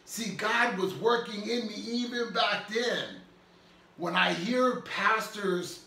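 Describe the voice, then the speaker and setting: High, gravelly preaching man. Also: pushed and bright, roomy sound, recorded from a distance. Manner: earnest, emphatic preaching with repeated phrases. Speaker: pastor. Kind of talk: sermon.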